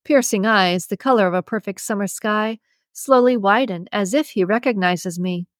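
A woman reading a first-person story as an audiobook narrator, with a measured, storytelling delivery. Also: mid-range voice, no echo, clean studio sound.

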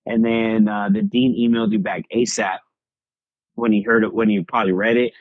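A man's voice: lowish voice, little pitch movement, normal speed, dry recording. A man casually recounting a story on a podcast, heavy on slang fillers and swearing. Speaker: podcast co-host. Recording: dull lo-fi sound, dry.

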